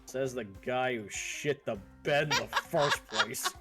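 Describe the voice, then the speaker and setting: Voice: mid-range voice, measured pace, over loud music. A streamer chatting casually and joking with heavy swearing while playing a video game. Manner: swears freely, joking, animated. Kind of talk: casual gaming chat.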